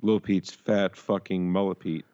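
A man's voice: deep voice, little pitch movement, unhurried, dark tone, dull audio. A man co-hosting a podcast, rambling through memories with swearing and half-finished sentences. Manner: rambling, profane, trails off mid-sentence. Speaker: podcast co-host. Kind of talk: casual crude podcast banter.

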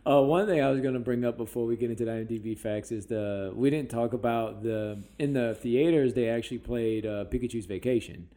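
Profane male podcast host who tells stories loosely and drops into quick silly voices. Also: medium pitch. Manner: profane, animated storytelling with comic impressions. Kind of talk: casual chat.

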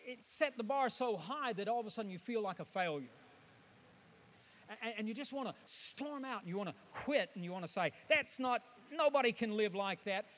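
High-voiced man preaching emphatically. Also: lively intonation, fairly quick, slight background noise. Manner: emphatic, acts out the voices of listeners and biblical figures. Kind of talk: sermon.

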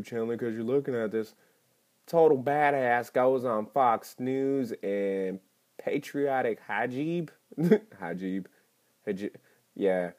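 A young man rambling and swearing through a solo podcast episode, cracking crude jokes and breaking into sudden loud outbursts. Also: medium pitch. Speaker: podcast host and stand-up comedian. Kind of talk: casual rambling monologue.

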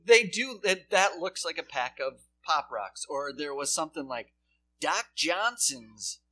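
A man's voice: very animated, a little slow, pushed and bright, slightly rough. A man co-hosting a podcast, swearing a lot and jumping into exaggerated voices to act out his jokes. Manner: profane, jumps into high put-on voices for bits. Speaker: podcast co-host. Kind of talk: casual comedic banter.

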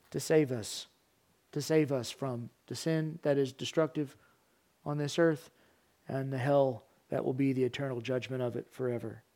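A middle-aged man preaching a sermon, animated, acting out parents and children in raised voices. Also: on the high side. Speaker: pastor.

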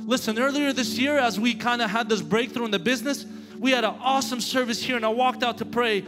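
A man pastor giving a sermon with a personal story, animated and growing loud as he tells of his anger. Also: high-pitched, fairly quick, music in the background. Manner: animated, grows loud when telling of anger. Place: church sanctuary. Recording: long hall reverb.

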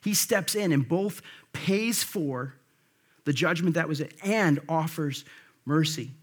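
A man's voice: a little high, slow pace, slightly rough. A man preaching a conversational sermon, emphatic and full of rhetorical questions to the congregation. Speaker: pastor.

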